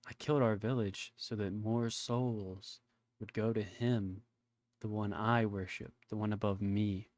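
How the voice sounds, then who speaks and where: A man voicing a menacing male devil cult leader in a tabletop game, speaking slowly and coldly. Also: steady tone, darkish tone, dry recording, lo-fi sound, lightly acted. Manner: slow, low and cold.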